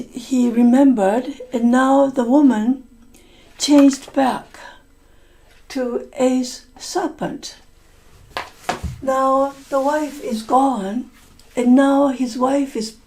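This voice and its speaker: A woman's voice: high voice, steady tone, drawn-out words, long pauses, warm tone. A woman telling a folk tale to English learners, repeating and rephrasing lines and explaining words as she goes. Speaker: storyteller and English teacher.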